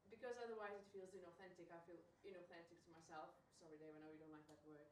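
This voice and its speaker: A woman's voice: fairly low pitch, little pitch movement, fast talker. A woman from the audience asking a question, hesitant and self-doubting. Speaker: audience member. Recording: roomy, distant, faint noise.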